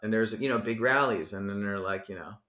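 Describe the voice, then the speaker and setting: A rapper from New Jersey guests on a podcast, chatting loosely in a casual interview, swearing freely and saying "you know" every few words. His voice is on the low side, fairly quick and fairly bright. The studio recording has a noticeable roomy echo.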